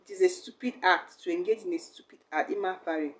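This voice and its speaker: A woman's voice: on the low side, fast talker. A young woman, teaching a language lesson in a chatty, explaining way. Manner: chatty, acts out little quoted exchanges.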